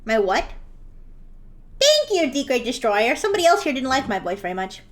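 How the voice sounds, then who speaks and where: A woman with a high, very animated voice talks a little fast as she draws live, keeping up playful banter with her viewers. She often giggles and occasionally jokes around by acting out a bratty daughter.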